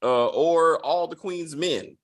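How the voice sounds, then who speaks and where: A man's voice: a little high, slow. A man hosting a casual chat review, hesitant and blunt in his opinions. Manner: hesitant, many fillers and restarts, blunt. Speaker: host.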